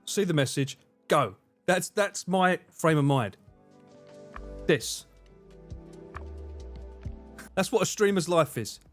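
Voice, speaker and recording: A man streaming a game live, chatting casually with his chat, excitable and swearing often. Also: fairly high pitch, a little slow, music in the background.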